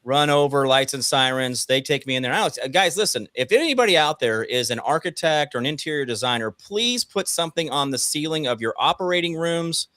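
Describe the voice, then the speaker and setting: Guy on a morning talk show telling a long story, gets animated, does the voices, dry close mic. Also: fairly high pitch, brisk, few pauses, dry recording. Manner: animated storyteller, acts out quotes, swears casually. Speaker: co-host. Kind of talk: casual chat, storytelling.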